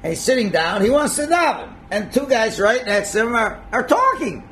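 A man teaching a religious class in a lively, conversational way, acting out little scenes and chuckling at his own points. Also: very high voice, normal speed, slight background noise. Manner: animated, acts out quotes, chuckles at own points. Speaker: Torah teacher.

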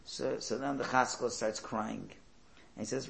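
A man telling a Hasidic folk tale in an animated, chatty way, sprinkling in Yiddish words and asides. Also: mid-range voice, a little slow, vocal fry. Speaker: storyteller.

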